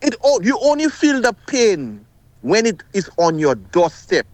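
A man's voice: high voice, wildly swooping pitch, measured pace, a little mellow, no room sound. A middle-aged man, calling in to a radio talk show with impassioned, emphatic speech that often repeats itself. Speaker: caller.

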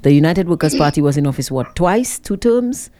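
A woman hosting talk radio, her voice low and mellow. She answers callers calmly and pushes back with reasons. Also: brisk. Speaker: radio talk show host.

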